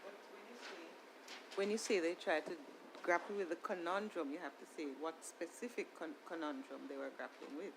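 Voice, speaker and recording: A woman's voice: lowish voice, moderate pace, creaky, background noise. A woman, an appeal court judge pressing counsel with precise questions in court.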